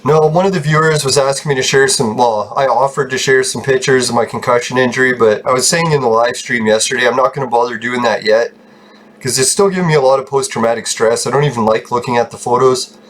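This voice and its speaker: A man's voice: medium pitch, fast, a bit bright, a little hiss or hum. A man telling rambling personal stories while commenting on his gameplay, swearing often and laughing at himself. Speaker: gaming YouTuber.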